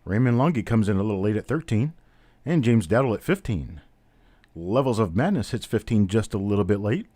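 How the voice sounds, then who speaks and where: A man's voice: on the low side, lively intonation, brisk, mellow, no room sound. A man hosting a live-stream coin auction, chatty, calling out bidders and prices one after another. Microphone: webcam on a stand.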